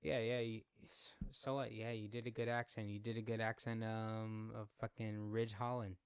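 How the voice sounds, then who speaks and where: A man co-hosting a casual chat, laid-back and agreeable, chiming in with quick yeahs. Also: lowish voice, level tone, clean tone, dry recording. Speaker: co-host.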